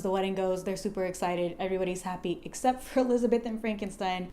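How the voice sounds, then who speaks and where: A young woman retelling a gothic novel as a comedy, in a profane, slangy, deadpan way. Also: medium pitch. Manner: profane, slangy, deadpan storytelling with quick paraphrased quotes. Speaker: video host retelling a novel. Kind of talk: irreverent comedic book summary.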